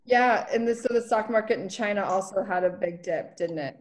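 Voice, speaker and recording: A woman teacher leading a relaxed discussion with her students, posing questions and drawing them out. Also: mid-range voice, a little fast, a little hiss or hum. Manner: inquisitive, prompts students with questions. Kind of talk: conversational group discussion with students.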